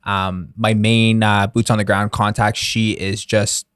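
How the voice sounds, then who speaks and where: A man's voice: lowish voice, little pitch movement, unhurried, fairly bright tone, clean tone, no echo, studio quality. A young man guesting on a podcast, talking in an eager, casual way and filling his sentences with "like". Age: young adult. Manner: enthusiastic, filler-heavy, says "like" a lot. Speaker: guest, real estate investor.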